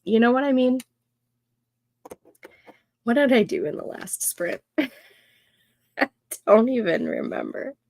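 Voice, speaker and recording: Woman streamer, soothing voice, unhurried casual chat, slightly gravelly. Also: on the high side, expressive. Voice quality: soft, soothing voice. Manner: slow, thinking aloud, reading chat comments. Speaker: livestream host. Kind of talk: casual co-working livestream chat.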